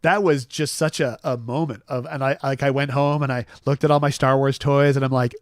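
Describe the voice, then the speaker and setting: A man's voice: mid-range voice, fairly even intonation, moderate pace, few pauses, no room sound, studio quality. A man in his forties hosting a casual chat show, rambling through a personal story with lots of fillers and restarts. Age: 40s. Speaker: host.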